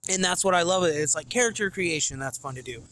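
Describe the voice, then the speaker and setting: A man's voice: a little high, lively intonation, brisk, sharp tone. A man in his late twenties hosting a gaming podcast in a loose, rambling chat full of slang and fillers, sitting in a camping chair outdoors. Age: late 20s. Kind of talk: casual rambling monologue.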